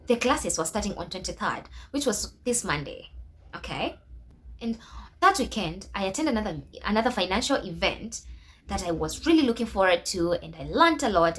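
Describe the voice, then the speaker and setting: A woman's voice: medium pitch, fairly bright tone, husky. A young adult woman vlogger telling a story to camera in a casual, emphatic way, with religious exclamations.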